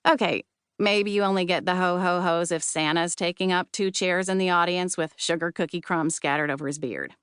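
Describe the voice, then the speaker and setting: A woman narrating a comic novel in first person, wry and lively, with a knack for playing up punchlines. Her voice is smooth and crisp, recorded dry on a close studio mic. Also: on the low side, normal speed, no room sound. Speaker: audiobook narrator.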